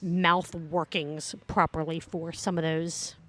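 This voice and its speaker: A woman's voice: low-pitched, flat delivery, takes it slowly. A woman co-hosting a podcast in casual chat, chatty and teasing. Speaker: podcast co-host.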